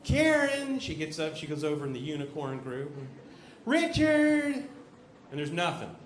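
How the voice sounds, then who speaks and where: A high-voiced man works a stand-up set, telling his story with constant "right?" tags. His voice rings around a reverberant club room, with clear crowd noise behind him. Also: fast. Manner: animated storytelling, jumps into shrill shouted voices for characters; tag questions "right?" after nearly every beat. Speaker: stand-up comic. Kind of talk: stand-up comedy. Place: comedy club stage. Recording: roomy club sound with audience.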